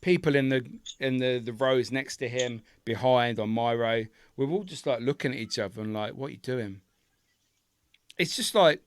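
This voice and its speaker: A man co-hosting a casual chat podcast, ranting with heavy swearing and animated outbursts. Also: mid-range voice, normal speed, clear, resonant tone. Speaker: podcast co-host.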